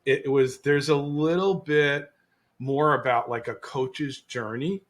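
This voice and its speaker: Podcast co-host, male, lively delivery with many restarts, casual call chat. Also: medium pitch, unhurried. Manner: animated, restarts often, acts out quoted voices.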